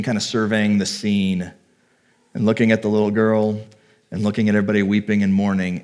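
Fairly low in pitch and slightly mellow, this man's voice belongs to a pastor giving a sermon. He reads passages of scripture aloud, then recounts them in a warm, conversational way. Personal stories run through his heartfelt retelling.

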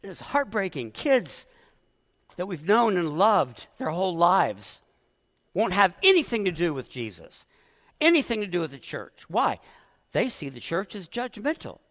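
A man's voice: high-pitched, big pitch swings, unhurried, fairly bright tone, big-room sound. A middle-aged man preaching a sermon as pastor, earnest and emotional, often restarting his words.

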